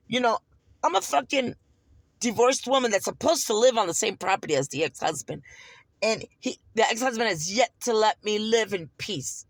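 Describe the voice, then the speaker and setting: A woman's voice: fairly high pitch, animated, normal speed, dry recording. An American woman ranting in a casual vlog, swearing heavily and sounding heated and indignant. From United States. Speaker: vlogger. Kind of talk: casual storytelling rant.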